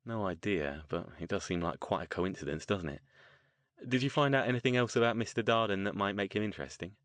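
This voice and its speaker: A man's voice: fairly low pitch, fairly bright tone, dry recording, lightly acted. A man playing a wry, composed occult mage. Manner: measured and wry.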